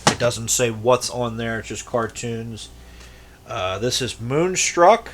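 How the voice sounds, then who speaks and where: With lively intonation and a slow pace, a man in a mid-range voice casually shows off his tape collection. The VHS collector vlogger rambles and swears freely between jokes, and there's slight background noise.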